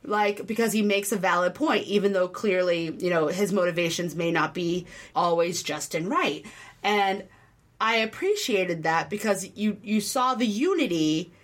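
A woman co-hosting a casual talk show, rambling with lots of fillers and animated asides. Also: lowish voice, moderate pace. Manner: rambling, filler-heavy, animated, acts out quotes. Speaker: podcast co-host reviewing a film. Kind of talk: casual chat.

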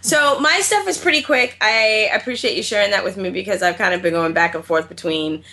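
A woman's voice: medium pitch, fairly quick, pushed and bright. A woman co-hosting a podcast, talking casually and animatedly, swearing and using many fillers. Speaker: podcast co-host. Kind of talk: casual chat about games and films.

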